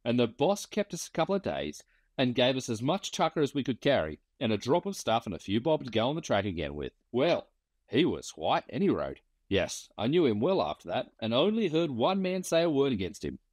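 Man reading a dry, joking bush swagman, animated telling, no room sound. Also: mid-range voice, a little fast, no echo. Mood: drawling yarn. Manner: dry, wry storytelling. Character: weathered male bushman spinning yarns.

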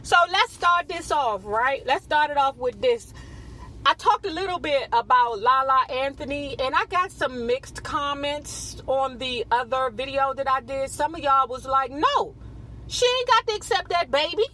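A woman's voice: high-pitched, measured pace, sharp tone, slight background noise. A woman hosting a casual celebrity gossip vlog, talking in a sassy, profane way. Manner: sassy and profane, with frequent "child" and "baby". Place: not on camera, audio-only.

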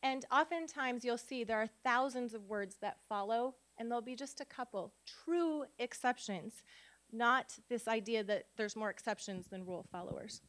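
This woman's voice is a little high and keeps a moderate pace as she teaches phonics to a room of tutors. The literacy educator, originally from Minnesota, is an upbeat conference speaker. She demonstrates sounds out loud, asks the audience questions and stays lively.

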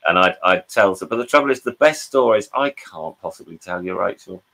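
Low-voiced English man telling rambling stories. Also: animated, fairly quick, gravelly, a crowd in the background. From England. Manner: rambling anecdotes with quoted voices and frequent restarts. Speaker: guest, drummer. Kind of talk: casual storytelling interview.

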